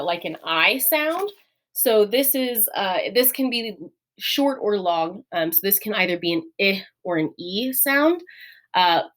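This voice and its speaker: A woman's voice: medium pitch, a bit bright. A woman teacher giving a classroom lesson, explaining patiently step by step with many fillers and light laughs. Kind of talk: classroom lesson on writing letters.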